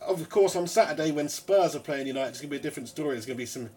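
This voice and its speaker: A man's voice: a little high, expressive, rapid-fire, a little mellow. A man hosting a casual football watch-along stream, joking around and reading viewer comments aloud. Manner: jokey, laddish, reads viewer comments aloud. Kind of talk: casual live match commentary and banter.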